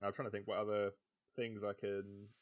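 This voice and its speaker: A man co-hosting a casual gaming podcast, describing things bit by bit with plenty of pauses and ums. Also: on the low side, completely flat delivery. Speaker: podcast co-host.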